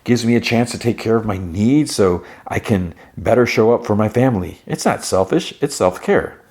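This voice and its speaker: A man's voice: on the low side, moderate pace, a little mellow, natural voice. A man voicing a cheerful middle-aged family man who is secretly a killer, chatty and upbeat. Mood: chummy.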